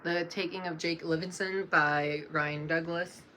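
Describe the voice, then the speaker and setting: A young woman with a low but bright, clear voice takes her time as she reads through her book list, stopping now and then to apologize with a small laugh. The recording has a faint hum of room noise behind her. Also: fairly even intonation. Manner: slow and unhurried, often apologizing and laughing softly. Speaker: book vlogger. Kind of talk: casual reading-list vlog.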